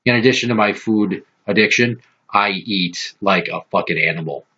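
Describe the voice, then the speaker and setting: Low husky forceful podcast host. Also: male voice, normal speed, lo-fi sound. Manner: profane, animated storyteller. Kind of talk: casual podcast storytelling.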